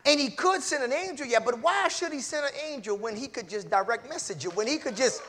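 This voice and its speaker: A man preaching at a church service in a very high, soaring voice that swings wildly up and down. He calls out for the congregation to answer back, drops into easy, chatty asides, then bursts into shouting. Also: expressive, a little fast, a little hiss or hum. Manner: call-and-response, bursts into shouting; casual conversational preaching with laughter. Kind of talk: sermon.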